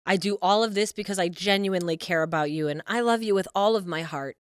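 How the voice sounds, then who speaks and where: A woman's voice: mid-range voice, fast talker, dry recording, clean studio sound, lightly acted. A woman voicing an overbearing, scheming middle-aged mother who talks in a cloying, possessive, sing-song way. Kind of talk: animated story voice-over.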